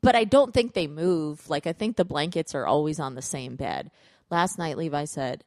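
A woman in her thirties talks through a family story in a relaxed podcast chat. Her pitch rises and falls all over the place as she acts out her kids, and her lower notes go gravelly. The sound is close and dry, with no room around it. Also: normal speed, dry recording. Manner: animated storytelling, acts out kids' voices. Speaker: podcast co-host, parent. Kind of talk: casual chat.

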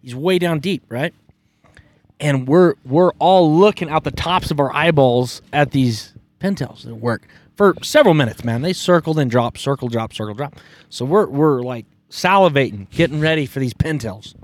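A man telling a hunting story in a casual podcast chat, acting out the shouts of the people in it. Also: on the high side, normal speed, dry recording. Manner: lively, acts out quoted shouts. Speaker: podcast guest.

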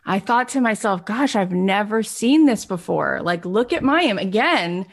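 A woman's voice: mid-range voice, lively intonation, a little slow. A woman hosting an interview, effusive and admiring, who says "like" a lot. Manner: effusive, heavy use of "like". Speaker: interview host. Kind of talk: casual interview chat.

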